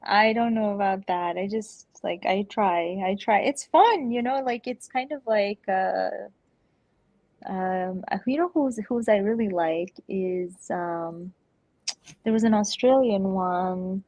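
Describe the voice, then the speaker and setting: A woman's voice: medium pitch, slow, darkish tone, no echo, dull audio. A woman chatting casually on a livestream, rambling with lots of "like", laughing often and slipping into playful impersonations. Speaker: stream guest. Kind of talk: casual chat.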